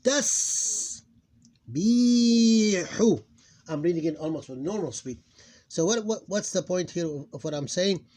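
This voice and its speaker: Deliberate man teaching syllables. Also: a little high, expressive, darkish tone, husky. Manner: speaks in short broken phrases with many restarts; reads syllables out slowly and deliberately. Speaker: Arabic phonics teacher. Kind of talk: recorded lesson.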